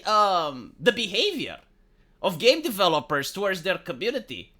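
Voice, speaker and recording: A man's voice: high voice, huge pitch swings, moderate pace, sharp tone. A man delivering a sarcastic, crude opinion rant as a commentary vlogger. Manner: sarcastic, ranting, crude language.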